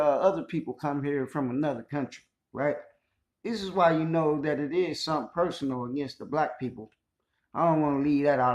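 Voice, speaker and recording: A man speaking straight to his listeners in a loose, unscripted monologue. He presses his points with emphasis and keeps checking in with the audience. His voice sits at an ordinary middle pitch, and the recording has a noticeable echo from the room. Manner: emphatic, with repeated "you know what I'm saying". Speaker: host addressing listeners. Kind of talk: casual spoken monologue. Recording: echoey room.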